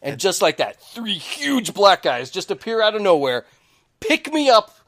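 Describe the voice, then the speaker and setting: A man co-hosting a casual podcast in a studio, telling animated stories and swearing freely. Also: high-pitched, unhurried. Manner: animated storyteller, swears, shouts quoted lines. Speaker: podcast co-host. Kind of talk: casual chat, storytelling.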